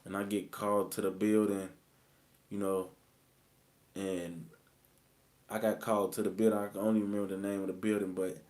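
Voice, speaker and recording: A man's voice: lowish voice, level tone, moderate pace, long pauses, darkish tone. A man, telling his own story in rambling, slang-heavy street talk full of fillers. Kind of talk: casual storytelling.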